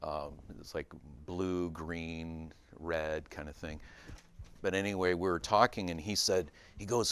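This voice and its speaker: A man's voice: low-pitched, unhurried, clear, resonant tone. A man giving a casual spiritual talk to a small audience, rambling, with many restarts and fillers. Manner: rambling, many restarts and fillers, animated when telling a joke.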